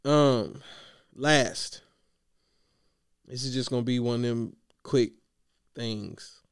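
A man coaching youth basketball, venting in a casual vlog monologue, slangy and animated, worn out from yelling. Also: mid-range voice, takes it slowly, clean tone, no echo, studio quality.

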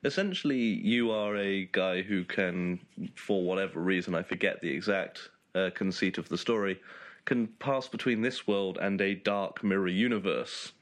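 A man's voice: sits low, moderate pace. A man hosting a casual group chat, explaining things in a wry, storytelling way.

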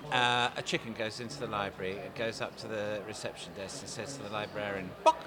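A man's voice: fairly low pitch, fairly quick. A man, an author guest, hesitantly answering interview questions and then steadily telling a joke. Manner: hesitant, searching for words, then a steady storyteller. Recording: busy crowd outdoors. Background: crowd chatter.

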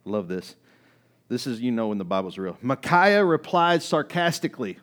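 A male pastor giving a sermon in a conversational way, often dropping his voice low for emphasis. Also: very animated, normal speed, a bit bright. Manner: conversational preaching with sudden drops in volume; acts out quoted voices in reading.

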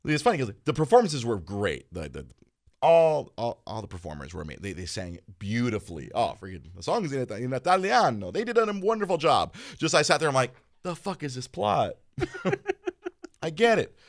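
Animated, crude-talking male podcast host. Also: medium pitch, fairly quick, no echo, clean studio sound. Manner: animated, crude, laughing, shouts quoted lines. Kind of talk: casual chat.

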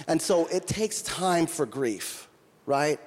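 A man's voice: a little high, expressive, slow, a little mellow. A middle-aged man preaching a sermon, telling a story in an earnest voice and often restarting his words. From Minnesota or North Dakota region. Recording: long hall reverb.

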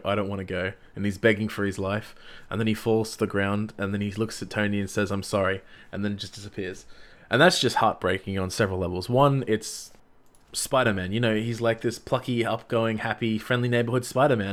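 A man casually recapping a movie plot and giving his opinions, talking in an animated way with frequent fillers and restarts. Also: mid-range voice. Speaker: film reviewer.

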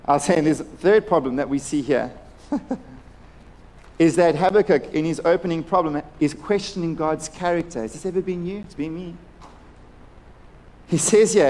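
A man, a pastor, preaching a sermon earnestly, moving between hushed and impassioned passages. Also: on the high side, measured pace, long pauses.

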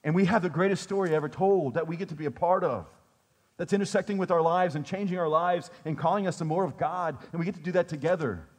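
A man's voice: fairly high pitch, quick pace. A male pastor preaching a sermon in a conversational way, with joking asides to his congregation.

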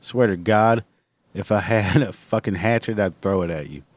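A man's voice: fairly low pitch, moderate pace. A man hosting his own podcast from home, ranting in a casual, blunt and rambling way with constant swearing. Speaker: podcast host. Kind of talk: casual solo podcast rant.

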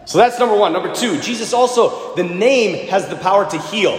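A man, a priest, preaching a sermon and telling stories in an animated way, acting out the voices of the people in them. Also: high voice, brisk, echoey room, big-room sound, a little hiss or hum.

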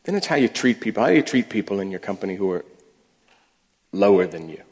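A man's voice: lowish voice, very animated, quick pace, breathy edge. A man giving a sermon-style talk, telling stories about faith at work, often restarting and repeating words. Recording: long echoey hall reverb.

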